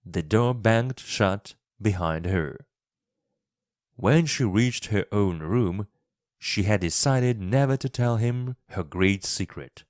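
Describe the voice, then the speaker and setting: A man who tells stories and teaches English, reading a storybook for English learners in a slow, expressive way. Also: lowish voice, dry recording, clean studio sound.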